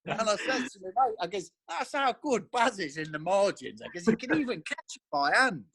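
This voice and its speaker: A man chatting on a video call, telling animated stories and acting out his friends' voices. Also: high voice, moderate pace, creaky, breathy edge, dry recording. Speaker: regular angler on the chat. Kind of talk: casual video call chat.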